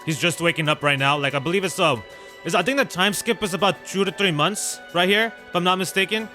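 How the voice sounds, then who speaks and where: A man hosting a gameplay video, chatting casually and excitedly with viewers in slangy talk while he plays, with faint game music behind him. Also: high voice, fast talker. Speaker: gaming channel host. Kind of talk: casual let's-play commentary.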